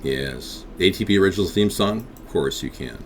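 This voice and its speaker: A man's voice: deep voice, expressive, normal speed, a little hiss or hum. A man hosting a live interactive talk stream, rambling and combative as he answers chat.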